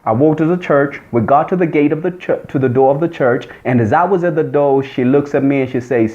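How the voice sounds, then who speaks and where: A man's voice: a little high, a little fast, hardly any pauses. A man telling a personal testimony in an emphatic, repetitive storytelling manner. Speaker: testimony speaker. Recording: dull lo-fi recording.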